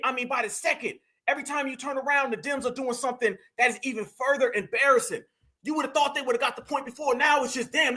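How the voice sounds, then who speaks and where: A man hosting a commentary vlog, animated and mocking, laughing often as he talks. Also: very high-pitched. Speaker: host.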